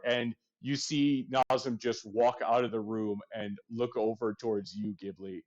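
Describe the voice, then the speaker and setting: A man narrating as game master in a tabletop game, in a halting, casual manner full of fillers. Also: on the low side, steady tone, darkish tone, dull audio.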